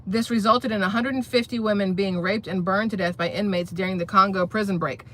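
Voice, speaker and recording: Blunt, bright-voiced commentary vlogger. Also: medium pitch, fairly even intonation, brisk. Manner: blunt, opinionated, talks to viewers directly; rambling with fillers and restarts. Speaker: channel host. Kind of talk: casual political commentary vlog.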